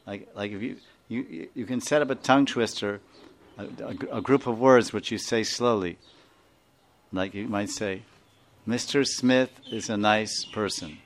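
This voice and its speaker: A man's voice: on the low side, moderate pace, slight background noise. A man with an Indian accent, a spiritual teacher giving an informal class, rambling, chuckling and often asking his listeners to confirm.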